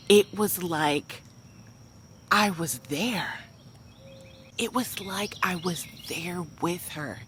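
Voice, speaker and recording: A woman vlogger telling a personal story to camera in an animated, chatty way, full of "like" and speaking to viewers as "y'all.". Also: deep voice, slight background noise.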